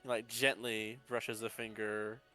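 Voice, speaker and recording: A man playing in a tabletop role-play, narrating his character's actions in a relaxed, chuckling way. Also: lowish voice, takes it slowly, faint music behind, low-quality recording.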